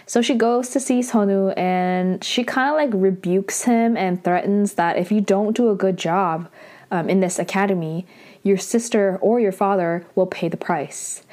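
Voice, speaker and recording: A young woman talks through a drama episode in a loose, casual way, with "like" in nearly every sentence. Her voice sits at an ordinary middle pitch for a woman. Now and then she cuts into the story with excited outbursts. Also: measured pace. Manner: chatty, heavy use of "like", excited outbursts. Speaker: drama recap vlogger.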